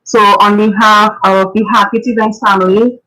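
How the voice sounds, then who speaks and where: A woman speaks in a mid-range, level tone at normal speed, her voice pushed and bright over poor audio. Appearing on radio to pay tribute, she reflects earnestly on heartfelt memories steeped in faith, with preacher-style phrasing and the odd laugh.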